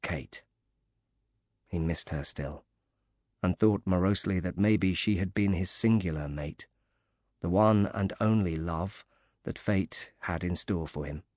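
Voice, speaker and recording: A man narrating an audiobook in a calm, measured reading. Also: low voice, dry recording, studio quality.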